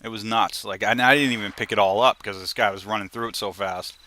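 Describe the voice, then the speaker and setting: Bright-voiced man chatting while gaming. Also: lowish voice, steady tone, fast. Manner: rambling, chatty, laughs while telling stories. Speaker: gaming streamer. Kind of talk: casual gameplay commentary.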